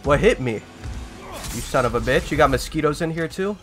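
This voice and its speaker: A man giving casual let's-play commentary, excitable and profane, trash-talking the game as he plays. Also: a little high, a little fast, faint music behind. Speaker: gaming YouTuber.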